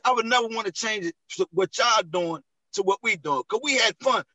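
Male chat guest, very high and sharp, emphatic, dry close sound. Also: a little fast, dry recording, low-quality recording. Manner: emphatic, eager agreement, laughs often. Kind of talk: casual storytelling chat.

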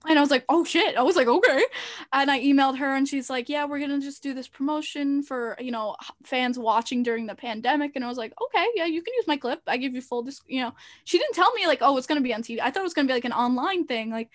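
A young woman guest in casual chat, telling stories in an animated way and laughing often. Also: high voice, fast. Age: young adult.

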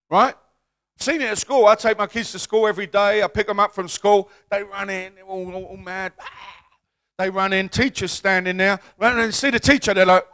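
A man, a pastor, preaching a lively call-and-response sermon in a church, building to shouts and coaxing the congregation to repeat words. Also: high voice.

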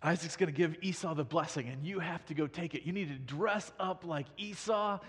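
A man's voice: on the high side, fairly quick, long reverb tail, close to an everyday voice. A man voicing a firm, scheming mother who gives urgent orders, in a sermon retelling.

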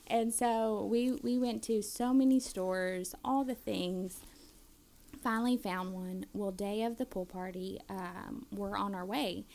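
Mom in her 30s telling a story about her kids, a bit of gravel and fry in her voice, animated. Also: mid-range voice, slow pace. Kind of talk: casual storytelling.

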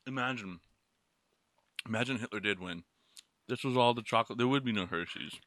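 A man's voice: medium pitch, a little fast, a bit bright, no echo, studio quality. A man co-hosting a podcast, chatting casually while tasting snacks, swearing and laughing through joking banter. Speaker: podcast co-host. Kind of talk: casual chat while taste-testing snacks. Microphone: studio microphone.

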